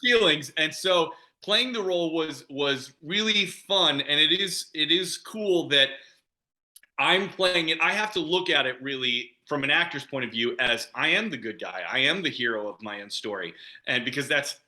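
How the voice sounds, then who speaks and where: A man's voice: a little high, animated, normal speed, bright, forceful tone. A man being interviewed as an actor guest over a video call, chatting casually with frequent laughs and "you know" fillers. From Chicago.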